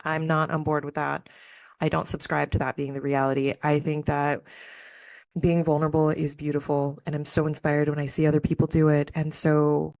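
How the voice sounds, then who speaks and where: A woman's voice: low voice, completely flat delivery, moderate pace, a little mellow, no echo. A young woman hosting her spiritual podcast, talking candidly and emotionally, full of casual fillers. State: near tears at times. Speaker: podcast host. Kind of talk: personal spiritual podcast monologue.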